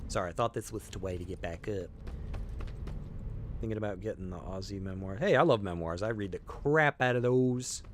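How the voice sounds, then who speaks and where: A middle-aged man streams a game with chatty, rambling commentary, laughing at his own mistakes and cheering his character on. His voice is lowish and fairly quick, with background noise behind it.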